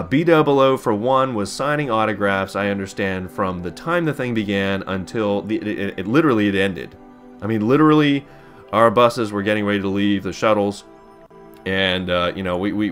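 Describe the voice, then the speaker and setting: Chatty low-voiced man narrating gameplay. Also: fairly bright tone. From Pittsburgh, USA. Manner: chatty, rambling, upbeat with fillers. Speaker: let's play host. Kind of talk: casual gameplay commentary. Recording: faint background music.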